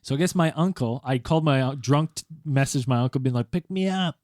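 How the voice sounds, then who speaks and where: A man's voice: mid-range voice, brisk, darkish tone, no echo, clean studio sound. A man in his thirties, a podcast host telling a story in casual chat, acting out the quoted voices and laughing often.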